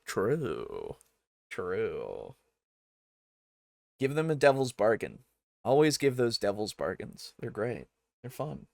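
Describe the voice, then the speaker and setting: A man reacting to videos as host, arguing with what he hears in an animated, talkative way and laughing often. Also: medium pitch, takes it slowly, creaky, long pauses, no room sound, studio quality. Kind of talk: casual reaction commentary.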